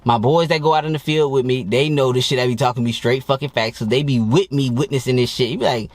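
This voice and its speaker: A dating coach talking to camera in a blunt, profane and boastful way, in a casual monologue. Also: male voice, mid-range voice, steady tone, fast, no echo.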